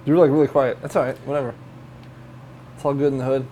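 A man's voice: mid-range voice, level tone, fast, warm tone, a little hiss or hum. A man co-hosting a casual radio show, joking around and swearing while he eats. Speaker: co-host. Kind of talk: casual chat.

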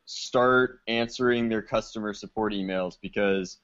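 A man's voice: fairly low pitch, fairly even intonation, measured pace, a bit bright, clean tone. Blunt, opinionated man on a dull recording. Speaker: podcast co-host. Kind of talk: casual chat. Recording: dull lo-fi sound.

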